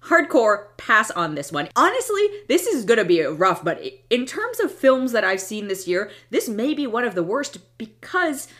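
A woman's voice: on the high side, very animated, moderate pace, few pauses, a bit bright. A woman giving a casual, blunt, opinionated film review, often restarting and trailing off mid-thought. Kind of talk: casual movie review monologue.

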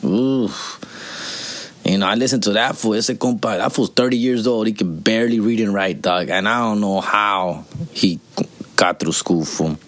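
A man's voice: on the low side, normal speed, a bit bright. Slangy, profane man in his forties. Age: 40s. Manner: profane, slangy, switches between English and Spanish, constantly says "fool" and "dog". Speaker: podcast host. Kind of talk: casual comedic monologue.

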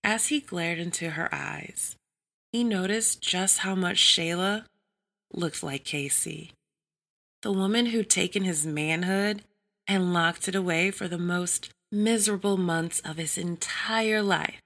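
Lady reading an adult story, slow and low, lots of vocal fry. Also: a bit bright.

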